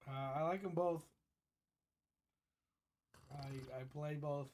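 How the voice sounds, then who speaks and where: A man sitting in on a casual live stream, laid-back and teasing, his voice rough from being sick. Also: on the high side, takes it slowly, a little mellow. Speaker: host's partner. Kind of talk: casual chat.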